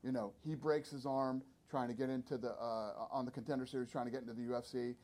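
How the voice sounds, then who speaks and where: A man's voice: medium pitch, steady tone, fast, a little mellow. A man guesting on a podcast as a sports promoter, telling stories emphatically and acting out what others said. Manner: emphatic storyteller, acts out quotes. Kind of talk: casual podcast talk.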